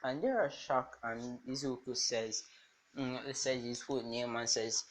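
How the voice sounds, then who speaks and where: A man's voice: medium pitch, measured pace, a bit bright. A man improvising a fan-fiction story aloud, rambling with many restarts and fillers.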